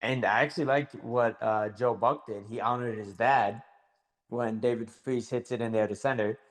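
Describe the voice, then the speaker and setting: A man co-hosting a podcast in relaxed conversation, with a voice of middle pitch. He recalls details carefully and builds each point step by step. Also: normal speed. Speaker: podcast co-host. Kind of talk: casual chat.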